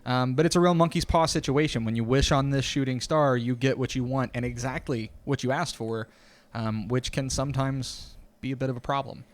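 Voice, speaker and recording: A man's voice: medium pitch, steady tone, a little fast, few pauses. A man narrating a tabletop game as game master, in a casual, filler-heavy way.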